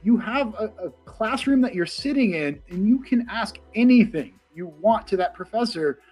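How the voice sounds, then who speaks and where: A man's voice: high voice, expressive, normal speed, darkish tone, slightly rough, faint music behind. A man giving earnest, self-deprecating advice to students on a casual live stream.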